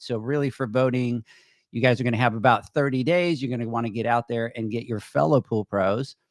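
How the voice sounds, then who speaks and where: A man hosting a podcast, chatting in a relaxed way about upcoming voting and handing off to the sponsors. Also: mid-range voice, no echo. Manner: relaxed, chatty, many restarts. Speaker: podcast host. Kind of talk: casual podcast chat.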